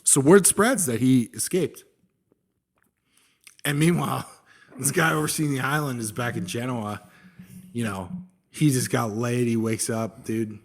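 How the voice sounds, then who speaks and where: A man's voice: medium pitch, measured pace, long pauses. A young man co-hosting a podcast, telling history in a casual, profane, slangy way and saying "dude" a lot. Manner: slangy and profane, says "dude" often, acts out quotes. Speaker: podcast co-host.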